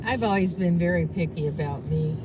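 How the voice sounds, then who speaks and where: A woman hosting a livestream from a car, chatting casually and reading comments aloud. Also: fairly low pitch. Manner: slow, easygoing, reads chat names and messages aloud. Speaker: livestream host reading chat. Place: inside a car on the road. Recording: distant voice over loud road noise.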